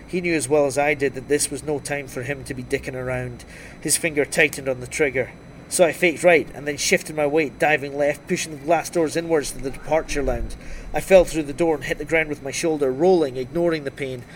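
Man, audiobook narrator, crime thriller, fairly high voice, dry and wry, faint street noise behind. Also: fairly even intonation, brisk. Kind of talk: first-person crime novel narration.

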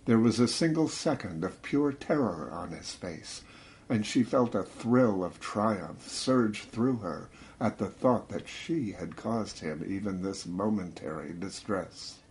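A man narrating a novel in a measured, steady reading. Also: fairly low pitch. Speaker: audiobook narrator. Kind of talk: scripted narration.

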